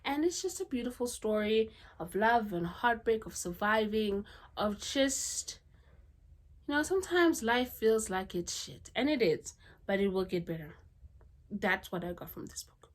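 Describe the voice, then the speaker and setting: A woman book vlogger talking casually to her camera at home, chatty and animated, with asides and rants. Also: mid-range voice, unhurried. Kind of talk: casual chat.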